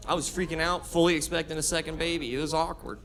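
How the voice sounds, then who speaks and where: Brash high-voiced male stand-up comedian. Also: steady tone, fast talker, a little hiss or hum. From Florida. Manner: brash, escalating to shouted rants. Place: comedy club stage with audience laughter.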